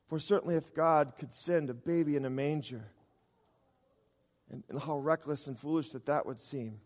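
A man delivering a sermon with a slightly higher voice than usual, pushing up for emphatic lines and dropping to near-murmured asides. His voice rings out with a long hall reverb around it. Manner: animated preaching, swings between loud emphasis and quiet asides. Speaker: pastor.

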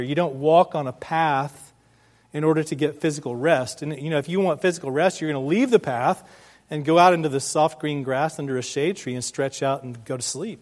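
A male pastor delivering a sermon with a voice that sits a little high. He talks with the congregation like a conversation and keeps asking them questions as he goes. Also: a little mellow.

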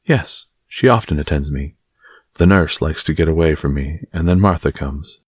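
A man voicing a shy, sickly boy who speaks softly and sleepily, in a storybook reading. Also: very deep voice, normal speed, breathy edge, no echo, studio quality. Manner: soft and sleepy.

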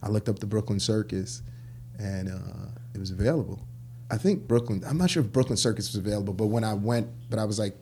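There's a faint hiss or hum behind this man's voice, which sits on the low side. As the founder of a clothing store being interviewed casually, he tells lively stories about his business and voices the quoted dialogue himself.

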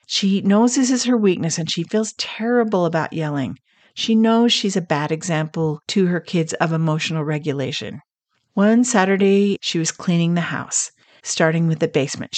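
A woman hosting a counseling podcast, calmly teaching and telling stories about clients. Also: on the low side, no room sound. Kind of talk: scripted teaching talk with stories.

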